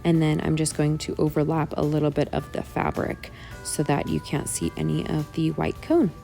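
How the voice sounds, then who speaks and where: A woman giving a relaxed, step-by-step voice-over for a craft tutorial. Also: low voice, normal speed, creaky, faint music behind. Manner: easygoing, step-by-step explaining.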